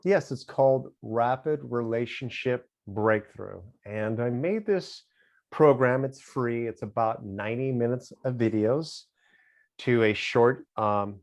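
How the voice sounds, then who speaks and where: A middle-aged man speaks as an interview guest, his talk halting and reflective. He keeps a smile in his voice, and his pitch sits right in the middle for a man.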